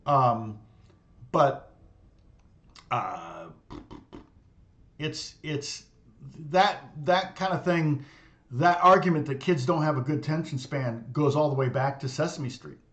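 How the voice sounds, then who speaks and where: Rambling middle-aged guitar teacher. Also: male voice, fairly high pitch, lively intonation, takes it slowly, pauses often, a bit bright. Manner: rambling, many fillers and restarts, laughs often. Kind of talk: casual livestream chat.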